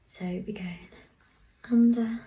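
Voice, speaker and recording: In a warm voice on the high side, this young hairstylist vlogger talks slowly with fairly even intonation. She's chatty during her casual hair tutorial, talking while she works and occasionally slipping into murmurs.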